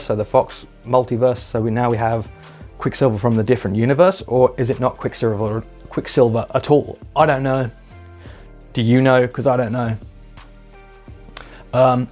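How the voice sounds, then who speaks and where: A man's voice: mid-range voice, a little mellow. A man giving a chatty, enthusiastic spoken review, swearing casually and briefly acting out lines in put-on voices. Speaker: video reviewer.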